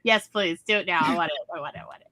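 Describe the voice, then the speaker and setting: A woman's voice: on the low side, rapid-fire, sharp tone, no echo, poor audio. A woman hosting a casual chat, talking eagerly with lots of fillers. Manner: chatty, enthusiastic, many fillers. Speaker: host, writer.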